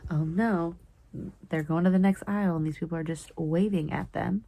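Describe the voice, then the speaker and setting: Young woman, book vlogger, low voice, husky, emotional reactions, slips into whispers, loose rambling retelling. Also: steady tone, normal speed, mellow. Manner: emotional, exclamatory reactions, often dropping into a whisper; retells plot loosely with many fillers. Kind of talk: casual reading-vlog commentary.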